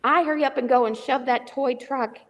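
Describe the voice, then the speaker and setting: A middle-aged woman, a charity volunteer calling in as a remote guest on a podcast, tells a casual story over a remote-call mic. Her voice is high-pitched and fairly quick, sounding like it's in a large hall. She's animated and acts out the dialogue in quotes.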